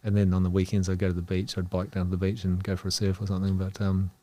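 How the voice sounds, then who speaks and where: A man's voice: sits low, monotone, rapid-fire, mellow. A man with a New Zealand accent, a guest telling a rambling travel story in casual chat, laughing between phrases.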